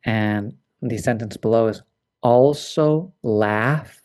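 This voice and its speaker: Male American pronunciation teacher, slow, deliberate, repeats drills clearly. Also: mid-range voice, warm tone. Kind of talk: review lesson, modeling sounds.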